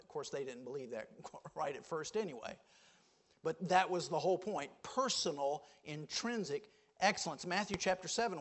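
A man preaching a sermon, quoting scripture with emphatic swings between loud declarations and hushed lines. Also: on the high side, lively intonation, normal speed.

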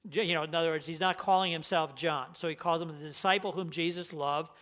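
A man's voice: fairly high pitch, fairly even intonation, fast talker, fairly bright tone. A man preaching a sermon as pastor, earnest and emphatic, leaning hard on the key words.

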